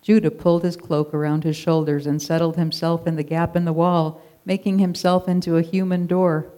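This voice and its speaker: A storyteller reading a children's story aloud in an expressive read-aloud manner. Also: mid-range voice, normal speed.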